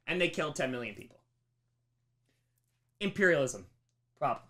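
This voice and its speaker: Brief: young male teacher, crisp bright tone, animated lecture with mock voices. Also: on the high side, moderate pace, pauses often. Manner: animated, acts out mock quotes, rhetorical questions. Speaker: streamer teaching history. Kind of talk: energetic classroom lecture. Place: streaming room.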